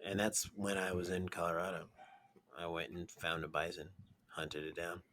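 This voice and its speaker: A man co-hosting a podcast in casual chat, low-key and often trailing off quietly. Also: level tone, moderate pace, slight background noise. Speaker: podcast co-host.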